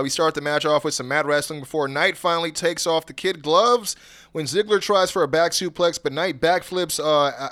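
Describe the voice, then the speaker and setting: A man recapping wrestling in casual podcast chat, animated, laughing often and mimicking wrestlers' promos. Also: on the high side. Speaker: podcast co-host.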